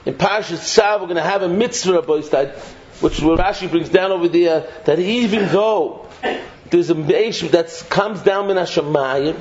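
In an echoey, dull recording with faint background noise, a high-pitched man gives a lively Torah shiur at normal speed. He builds his points through repetition and sprinkles Hebrew and Yiddish terms into his English.

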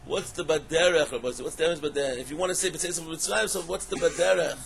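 A man's voice: fairly high pitch, steady tone, fast talker, gravelly, a little hiss or hum. A man giving a Torah lecture in English full of Hebrew and Aramaic terms. He poses questions, then repeats and stresses them. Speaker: Torah teacher.

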